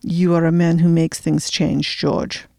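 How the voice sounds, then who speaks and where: Narrator doing an old flemish lady boss, clipped, blunt, pushy, low dry voice. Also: little pitch movement, measured pace, creaky, mellow, no echo, exaggerated voice. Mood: probing. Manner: clipped and direct. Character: blunt elderly woman, former boss, nearly eighty.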